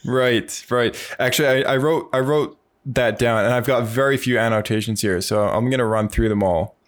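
A man's voice: mid-range voice, moderate pace. Hesitant man thinking aloud. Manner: hesitant, repeats words while thinking. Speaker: podcast co-host. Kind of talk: casual book discussion.

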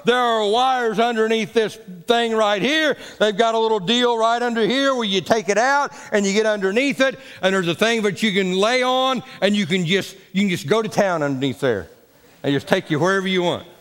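A pastor preaching in his church with a high voice and a folksy, repetitive manner. His words carry a long church reverb. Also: normal speed, fairly bright tone, clear, resonant tone. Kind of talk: sermon. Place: church sanctuary.

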